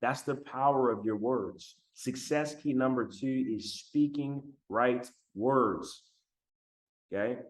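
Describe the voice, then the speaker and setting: A man's voice: mid-range voice, slow pace. A man giving a motivational talk on a live stream, emphatic, repeating key lines and calling on viewers in the chat, on a laptop microphone. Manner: emphatic, repeats phrases, addresses chat directly. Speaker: motivational speaker. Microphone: laptop mic.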